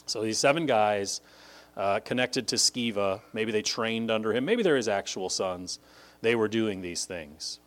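A man teaching a Bible passage, talking conversationally with frequent "like", and leaping high in pitch to stress key words. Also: a little slow, fairly bright tone.

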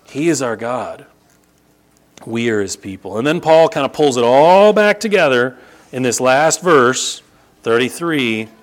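A man's voice: lively intonation, measured pace. A middle-aged male pastor preaching a sermon. He teaches the congregation emphatically and repeats words for stress. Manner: emphatic, rises to sharp high bursts and repeats "no, no, no"; teaching, explains Greek grammar to the congregation.

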